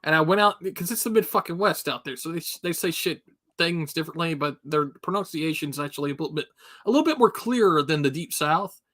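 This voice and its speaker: Bright high-voiced Southern man chatting. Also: fast talker. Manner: animated, swears freely, tells stories. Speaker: stream co-host. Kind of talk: casual profane chat.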